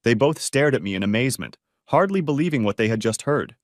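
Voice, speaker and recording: A man narrating a first-person story in an expressive, dramatic way. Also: mid-range voice, fast, dry recording, studio quality. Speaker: audiobook narrator.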